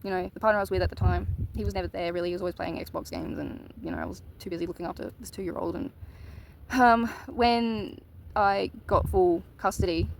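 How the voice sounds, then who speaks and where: A woman's voice: on the low side, steady tone, a little fast, vocal fry, slight background noise, poor audio. A woman telling a personal story in a casual, candid monologue, swearing casually. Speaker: vlogger.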